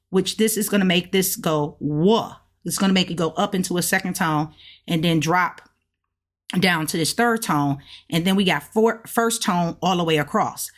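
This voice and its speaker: A woman with a lowish, fairly bright voice speaks at a moderate pace while hosting a casual video lesson for her language-learning channel. She walks through things step by step, drawing out sounds as demonstrations.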